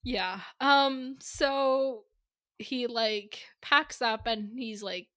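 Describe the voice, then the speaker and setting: A woman's voice: a little high, extremely slow, sharp tone, dry recording. A woman on a podcast casually retelling a book's plot, laughing often and acting out characters' lines. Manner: giggly, acts out characters' lines while retelling. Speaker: podcast co-host. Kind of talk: casual book recap chat.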